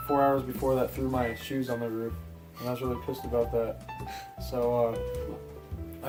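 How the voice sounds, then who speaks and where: A young man telling a rambling story to friends on a podcast, laughing often and filling his speech with "like". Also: medium pitch. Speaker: podcast co-host. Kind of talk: casual storytelling among friends.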